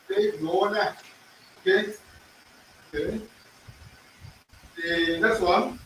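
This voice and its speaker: A man's voice: fairly high pitch, a little slow, pauses often, a bit bright, a little hiss or hum. Man teaching a class from across an echoey room. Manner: drills pronunciation, repeats words, quizzes the class. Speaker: language teacher. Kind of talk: in-person classroom lesson. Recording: echoey room, far from the mic.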